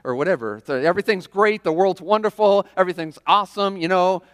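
This pastor talks fast in a high-pitched, somewhat bright voice, and his sermon echoes with a long church-hall reverb in the sanctuary. He keeps things casual and chatty, repeatedly asking the audience questions and peppering his delivery with "right?"

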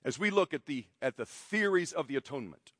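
A male pastor preaching a sermon, emphatic, slowing down for stress and dropping to quiet lines at key moments. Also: expressive, dry recording, studio quality. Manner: emphatic, varies pitch and loudness widely, slows for stress.

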